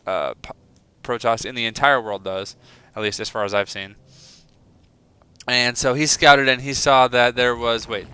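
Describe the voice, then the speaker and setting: Bright, crisp-voiced chatty male caster. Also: fairly low pitch, rough recording. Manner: chatty, rambling, self-deprecating, jokey. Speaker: game caster. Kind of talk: casual play-by-play game commentary.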